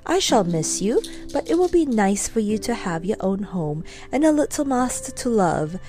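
A woman voicing a gentle, wise mother pony in a storybook reading, speaking in a soothing, motherly way. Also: mid-range voice, very animated, normal speed, natural voice.

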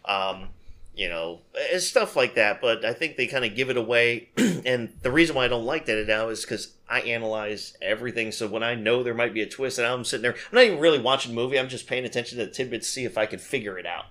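Bright-voiced, animated male podcast host. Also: medium pitch, fast. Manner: animated, laughs often. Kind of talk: casual chat.

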